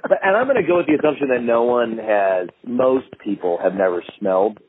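A man's voice: medium pitch, fairly quick. Man telling a story over a phone line. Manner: animated, acts out other people's lines in a raised voice. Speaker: guest filmmaker. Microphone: phone call. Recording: tinny phone line with faint hiss.

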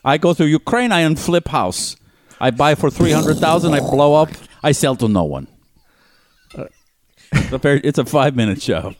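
A man doing a comedic impression of a pompous male strongman leader in a put-on Russian accent and slow broken English. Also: a little high, animated, noisy background, pitched above the performer's own voice, lightly acted. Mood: boastful.

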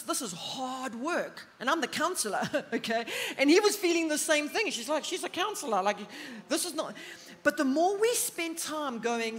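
A high-pitched middle-aged woman with a South African accent preaching from the front. She talks through the sermon in an easy, chatty way, drops in personal stories and little jokes, and slips into quoted dialogue as she goes. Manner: warm conversational preaching with anecdotes and asides. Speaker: pastor's wife and counselor.

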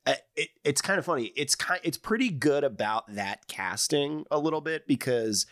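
A man's voice: on the high side, lively intonation, normal speed, a bit bright, dry recording, clean studio sound. A man co-hosting a movie podcast in casual chat, easygoing, often agreeing and trailing off. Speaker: podcast host.

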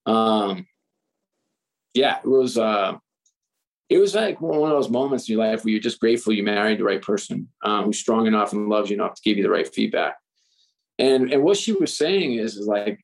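Gravelly-voiced man telling stories. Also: lowish voice, normal speed, rough recording. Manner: animated, restarts often, acts out quotes. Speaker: author and sports executive guest. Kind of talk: candid interview storytelling.

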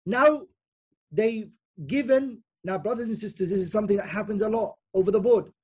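A man's voice: high-pitched, a little fast, warm tone, husky. A man as an Islamic teacher giving a Quran commentary lecture. He explains step by step, repeats key phrases for emphasis and keeps checking in with the listeners with "okay?".

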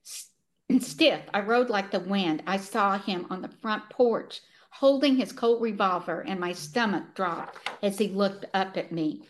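A woman's voice: medium pitch, a little slow, few pauses. An older woman, a retired author, reading her own novel aloud with earnest feeling and laughing easily as she chats.

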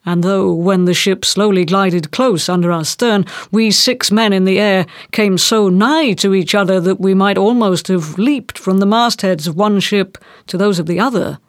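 A woman reading a classic novel aloud in a measured, deliberate way. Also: mid-range voice, no echo, studio quality. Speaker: audiobook reader. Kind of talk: literary reading.

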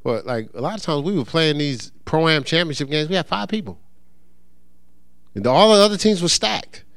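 A middle-aged man preaching an informal sermon, reading scripture and talking it through in a loose, conversational, animated way. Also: fairly high pitch, moderate pace, dry recording, clean studio sound. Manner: conversational, animated, with many restarts and sports anecdotes.

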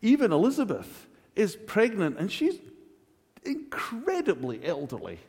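Gabriel the big angel, as a preacher puts him on, offhand and breezy as he tries to settle a scared girl, his voice swinging up high. It rings through a large church hall with a long echo. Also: wildly swooping pitch, a little slow, darkish tone, full character voice.

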